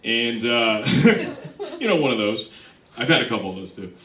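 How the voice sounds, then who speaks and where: Stand-up comic, young man, lively and bright, self-deprecating and rambling; heard from a distance in an echoey club. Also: mid-range voice, normal speed. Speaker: stand-up comedian. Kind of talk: stand-up comedy set. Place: comedy club stage. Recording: roomy club sound from a distance. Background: audience laughter.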